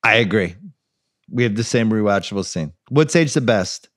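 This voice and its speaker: A man's voice: fairly low pitch, expressive, normal speed, no room sound, clean studio sound. An American man hosting a podcast, chatting casually about a comedy film, laughing often as he lists favorite gags. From United States. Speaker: podcast host. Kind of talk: casual movie chat.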